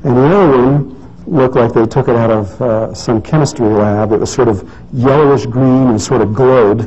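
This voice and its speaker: In a dull, lo-fi recording with faint background noise, a man with a dark-toned, mid-range voice tells a story at normal speed. His casual talk rambles, with many fillers and restarts.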